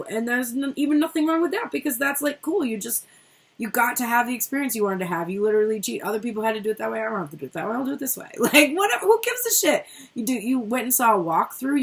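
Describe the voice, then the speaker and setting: A woman's voice: fairly high pitch, slightly rough. A middle-aged woman giving a casual tarot reading, chatty and rambling, who swears freely. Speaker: tarot reader.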